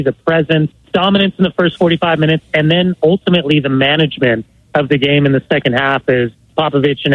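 A man's voice: a little high, no echo. A man giving fluent, articulate soccer analysis over a tinny, phone-like line. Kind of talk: sports analysis.

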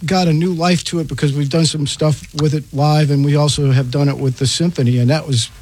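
A man who plays in a rock band, answering as a radio guest in a relaxed, hesitant way. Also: a little high, fairly quick. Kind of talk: radio interview.

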